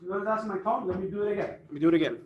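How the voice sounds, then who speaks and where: A man's voice: sits high, rapid-fire, echoey room, muffled recording, a little hiss or hum. Emphatic male sales trainer. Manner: emphatic, repeats okay for stress. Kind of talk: phone sales training talk. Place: office phone room.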